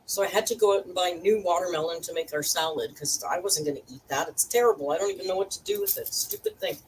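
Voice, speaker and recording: A woman's voice: fairly low pitch, sing-song, fast. A woman hosting a casual cooking vlog, chatting with wry asides to her viewers as she cooks in her home kitchen. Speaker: cooking channel host. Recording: distant mic, noisy kitchen.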